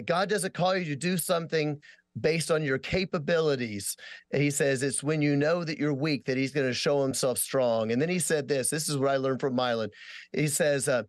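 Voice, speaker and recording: A man, a singer appearing as a guest, telling an earnest story with halting starts. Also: on the high side, no echo. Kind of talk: casual tribute chat.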